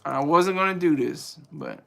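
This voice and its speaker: Male streamer, casual joking commentary to chat, fairly high and raspy. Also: huge pitch swings, a little slow, a bit bright. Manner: rambling, joking, reads chat aloud. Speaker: livestream host.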